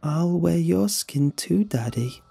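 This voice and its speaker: A man's voice: fairly high pitch, expressive, gravelly, dark tone, slightly rough, faint music behind, voice pushed up, exaggerated voice. Man doing a creepy little girl's wheedling voice. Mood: sinister. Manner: sing-song, wheedling, slow and drawn out. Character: creepy little girl voice of a skin-wearing thing.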